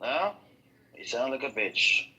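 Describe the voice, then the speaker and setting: A man's voice: mid-range voice, very animated, slow pace, a crowd in the background, low-quality recording. A man in a heated live debate on an audio chat app, combative, profane and insulting, often stumbling and restarting.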